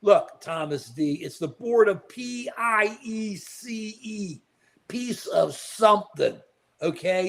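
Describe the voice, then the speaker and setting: A man's voice: high-pitched, creaky. A man from the United States hosting a political talk show. He gives opinionated live commentary, reacts to viewer comments, and talks in an indignant, emphatic way, repeating himself.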